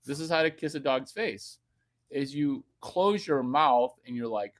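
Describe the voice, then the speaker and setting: A man delivering a rambling, crude comedic rant, jumping from loud bursts to hushed baby talk. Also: mid-range voice, measured pace. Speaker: vlogger.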